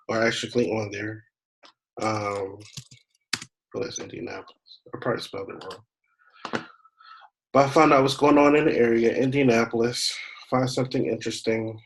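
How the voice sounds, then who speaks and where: A man of medium pitch walks through a training session over a screen share, chatting casually and thinking aloud as he clicks. Faint noise and mouse clicks sit under his voice on a computer microphone. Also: fairly even intonation, moderate pace, pauses often. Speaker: travel agent giving a training.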